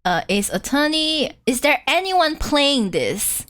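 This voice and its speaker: A woman's voice: high voice, big pitch swings, slow, fairly bright tone. A woman game streamer chatting casually during a live playthrough, giggly and full of fillers. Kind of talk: casual live-stream chat over gameplay.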